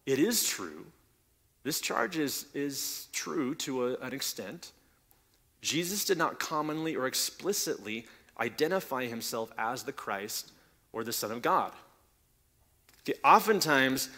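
A man delivers a sermon with a bright, forceful tone. He explains scripture as a teacher would and often repeats words as he restarts a thought. His voice grows louder when he quotes verses. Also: mid-range voice. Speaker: pastor.

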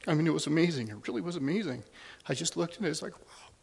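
Middle-aged man, gravelly voice, nervous conversational testimony, church hall reverb. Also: fairly high pitch, animated, quick pace, darkish tone. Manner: conversational and a little nervous, with many ums and restarts. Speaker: church member sharing a testimony. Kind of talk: personal testimony told to a congregation.

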